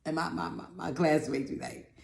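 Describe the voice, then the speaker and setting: A woman telling a personal story in a talk, animated, acting out other people's voices and often repeating words. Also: low-pitched, moderate pace, vocal fry, reverberant. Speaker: speaker giving a talk.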